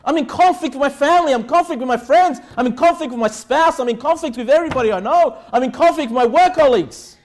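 Man putting on a griping churchgoer guy, voice pushed up high and loud, whining that everyone fights with him. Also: fast, hardly any pauses, a little hiss or hum. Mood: complaining. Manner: complaining, repetitive. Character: grumbling churchgoer man, always in conflict.

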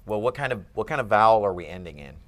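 A man's voice: lowish voice, lively intonation, fast, a bit bright. A man teaching Greek grammar one-on-one, asking questions and stressing the key points patiently. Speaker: Greek tutor.

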